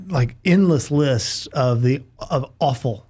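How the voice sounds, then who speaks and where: A man's voice: medium pitch, takes it slowly, darkish tone, slightly rough. A man as a podcast guest in casual chat, rambling a little as he eagerly sets up a joke he loves. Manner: rambling storyteller, eager to tell a favorite joke.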